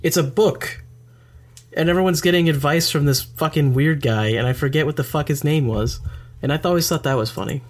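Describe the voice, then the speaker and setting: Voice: medium pitch, a little fast. A podcast co-host in casual chat, joking with dry asides and swearing offhandedly.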